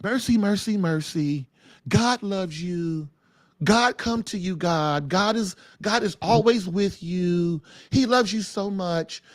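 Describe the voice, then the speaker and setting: A man mocking a syrupy soft-spoken preacher. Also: sits high, no echo. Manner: drawn-out, pious, repetitive crooning.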